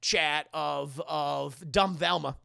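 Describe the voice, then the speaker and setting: Streamer narrator, bright gravelly voice, profane, laughs a lot. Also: mid-range voice, slow. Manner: profane, animated, laughs often. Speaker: streamer recapping a film. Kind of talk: casual storytelling to chat.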